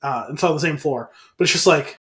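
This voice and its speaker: Male podcast co-host with a fairly high voice, dry and jokey, chatting casually. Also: fairly quick, fairly bright tone. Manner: wry, quippy interjections. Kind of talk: casual chat.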